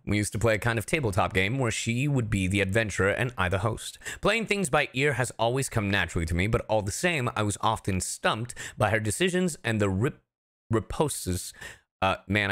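A man who is a voice actor chatting casually with his livestream chat, animated and talkative, laughing often. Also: lowish voice. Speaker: voice actor streaming a reaction.

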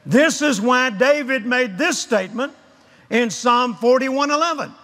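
Older male preacher, drawn-out emphatic delivery, bright tone, large convention hall. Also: extremely high pitch. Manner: emphatic, repetitive, leads crowd call-and-response. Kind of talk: sermon. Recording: long hall reverb.

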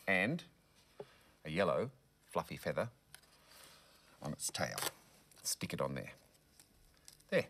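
A man presenting a children's TV show, gently showing a simple craft to young children. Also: low-pitched, sing-song, a little hiss or hum. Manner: gentle, slow and sing-song.

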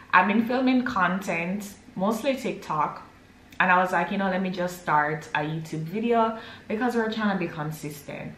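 A young Jamaican woman vlogs from home, chatting casually to her audience and switching between patois and English. Her voice is mid-range and fairly bright, and the room gives a noticeable echo.

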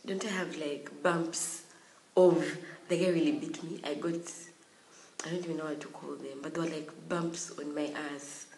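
A young adult woman, telling a story from her school days in an animated, dramatic way with many exclamations. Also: sits low, normal speed, a little hiss or hum. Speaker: vlogger. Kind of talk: storytime vlog. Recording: echoey room.

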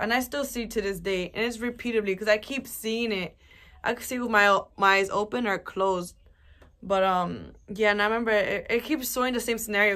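Rambling young woman telling a story. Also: mid-range voice. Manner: rambling, animated, swears a lot, many fillers. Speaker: vlogger. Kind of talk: casual storytelling to camera.

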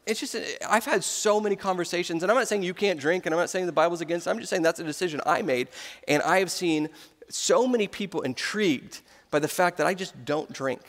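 A man in his thirties preaches a sermon as pastor, telling stories with easy humor. His voice sits a little high for a man. It carries a long reverb from a large sanctuary. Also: fairly quick, a bit bright. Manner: storytelling with humor.

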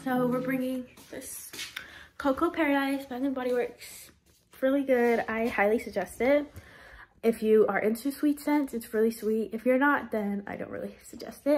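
High-voiced congested young woman chatting. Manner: chatty, gushing, rambling with many likes and ums. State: congested, stuffy nose. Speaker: lifestyle vlogger. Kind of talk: casual chat. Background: loud music.

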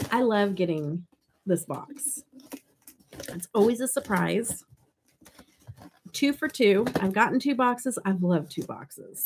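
A woman's voice: medium pitch, a little hiss or hum. A middle-aged woman hosting a live stream in giggly casual chat. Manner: giggly, chatty.

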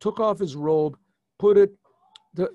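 A man, a rabbi, retelling a scripture story to his class in an animated way, often restarting and adding asides. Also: high-pitched, a little slow, dry recording, muffled recording. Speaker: rabbi teaching a yeshiva class. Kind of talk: informal storytelling lesson.

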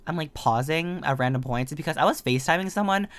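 A man's voice: a little high, quick pace, a bit bright. A teenage boy chatting in a sassy, gushing way, heavy on filler words, as a casual voice-over for his own video. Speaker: gaming video creator. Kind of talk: casual voice-over chat over gameplay. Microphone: desk condenser microphone.

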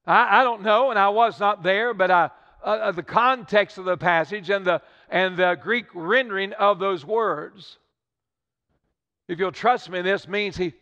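A man's voice: high-pitched, unhurried, pushed and bright. An older man preaching a sermon as pastor, repeating and restarting phrases as he builds his point. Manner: preaching with Southern-style repetition and stammered restarts. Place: church sanctuary. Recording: dull livestream audio with long hall reverb.

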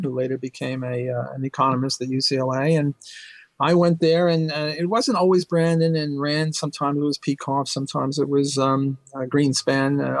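An older man recounts his memories in an unhurried, rambling way, peppering them with fillers and bursts of laughter. His voice sits a little high for a man, and it sounds close and dry, with no room echo. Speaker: interview guest, economics professor. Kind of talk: casual storytelling interview.

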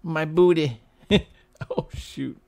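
A man giving casual let's-play commentary, excitable and reacting to the game with goofy exclamations and yelps. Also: on the high side, takes it slowly, vocal fry, slight background noise. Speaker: gaming video host.

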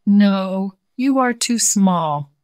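A woman's voice: fairly low pitch, expressive, measured pace, mellow, no room sound, clean studio sound. A woman reading a children's storybook, voicing a rude, teasing round white forest creature who is male. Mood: mocking. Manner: mocking, teasing.

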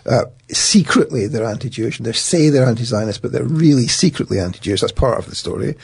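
A middle-aged man, a guest in an interview, recounting events in an animated way with many restarts. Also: medium pitch, breathy edge. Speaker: guest, academic.

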